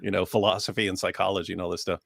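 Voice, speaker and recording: A man's voice: deep voice, little pitch movement, racing, gravelly, a bit bright, no echo. Laughing man in casual chat, dry sound. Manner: laughs often, quotes clips in a raised voice. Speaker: co-host.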